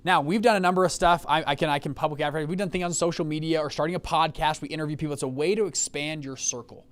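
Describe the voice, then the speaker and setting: This is a young man talking to his viewers over a video call, his voice sitting a bit higher than most men's. He tells stories in an animated, casual way, restarting sentences and checking in with questions. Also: fast. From Utah. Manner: animated, storytelling with many restarts and check-ins. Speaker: fund manager and webinar host. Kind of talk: casual live webinar talk.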